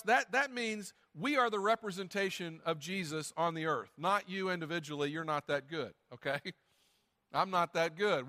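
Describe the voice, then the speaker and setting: A man's voice: high voice, bright, forceful tone, long reverb tail. A man preaching a sermon as pastor, reading scripture aloud and adding conversational, joking asides. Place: church sanctuary.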